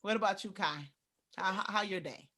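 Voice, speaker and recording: Bright-voiced laughing woman host. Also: mid-range voice, moderate pace. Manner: laughing, animated storytelling. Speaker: podcast host. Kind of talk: casual chat.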